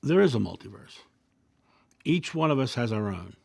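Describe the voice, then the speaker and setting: A man hosting his own video channel, reflecting calmly through personal anecdotes and parables in a casual monologue. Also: mid-range voice, moderate pace, creaky, slightly rough, no room sound, studio quality. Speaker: video host.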